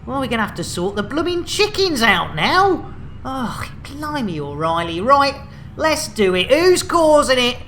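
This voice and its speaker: A woman's voice: sits high, sing-song, a little slow, fairly bright tone, slight background noise. Exclamatory woman streaming a game. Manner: exclamatory, playful, chatty. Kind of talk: live gaming commentary.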